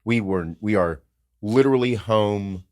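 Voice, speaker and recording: A podcast host with a fairly low, unhurried voice tells family stories in casual chat. He's animated, swears often and acts out what others said, all recorded in clean studio sound without echo.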